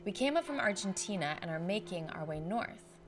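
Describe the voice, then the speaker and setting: A woman's voice: mid-range voice, expressive, a little fast, music in the background, close to an everyday voice. A woman voicing a young woman traveler, upbeat and chatty. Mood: enthusiastic.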